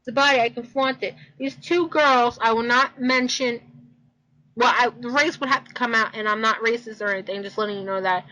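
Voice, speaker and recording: A woman's voice: a little high, fairly even intonation, brisk, pushed and bright, poor audio. A young woman telling a rambling personal story in casual chat, repeating herself and swearing.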